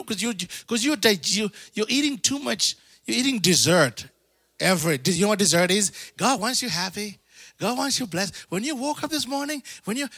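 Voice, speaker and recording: A pastor with a high, bright, breathy-edged voice preaches a sermon energetically, calling to his congregation for amens. He laughs and slips into quick put-on voices, and the sound is dry and close with no room sound.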